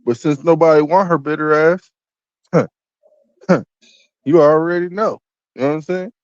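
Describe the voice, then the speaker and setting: A man's voice: fairly high pitch, fairly even intonation, moderate pace, no echo, dull audio. A man in crude, joking casual chat, co-hosting a podcast. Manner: profane, joking, loose. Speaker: podcast co-host.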